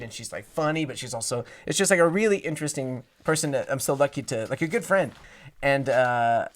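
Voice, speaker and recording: An American man hosting a casual podcast chat, joking and laughing often. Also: medium pitch. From United States. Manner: giggly, animated, joking. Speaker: podcast host.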